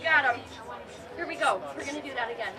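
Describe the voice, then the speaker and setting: A woman leading a group voice and movement warm-up, coaching upbeat and singing vowel examples. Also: high-pitched, expressive, fast. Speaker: voice and movement workshop leader. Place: festival healing arts workshop. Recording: distant mic, loud music and crowd behind.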